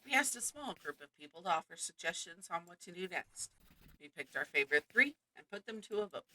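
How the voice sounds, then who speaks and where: A woman's voice: fairly low pitch, sing-song, fairly quick, bright, forceful tone, poor audio. A young woman streaming a game, chatting with viewers and reading the game text aloud in an effusive way. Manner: chatty, greets chat, effusive.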